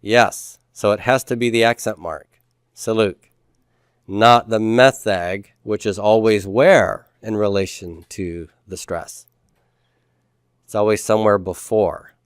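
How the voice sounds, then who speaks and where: A man's voice: on the low side, steady tone, slow pace, smooth, no room sound, clean studio sound. A man teaching a Hebrew grammar class, explaining patiently and quizzing the students with the odd light joke. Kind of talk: classroom lecture.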